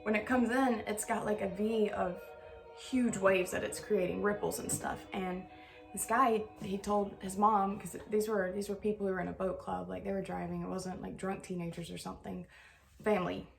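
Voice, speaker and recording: A young woman with a drawl tells stories to her viewers in a loose, chatty way, full of fillers and restarts. Her voice sits at an ordinary pitch for a woman. Faint music plays underneath. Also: normal speed, gravelly. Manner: chatty, animated storytelling with many fillers. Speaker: vlogger. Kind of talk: casual storytelling Q&A.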